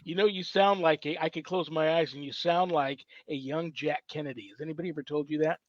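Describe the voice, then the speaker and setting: A man's voice: a little high, fairly even intonation, fairly quick, dull audio. A man hosting a talk show, speaking effusively and with admiration for his guest. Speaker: show host. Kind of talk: casual talk-show chat.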